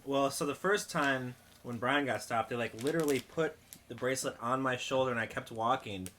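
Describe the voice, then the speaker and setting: Band member, male, upbeat casual talk, bright voice. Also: mid-range voice, a little fast, a little hiss or hum. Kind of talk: casual chat.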